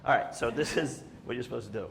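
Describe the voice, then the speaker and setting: A man performing a stand-up comedy set on a theatre stage, telling stories in an animated, exasperated way through a handheld microphone. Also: medium pitch, quick pace, gravelly. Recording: roomy theatre echo.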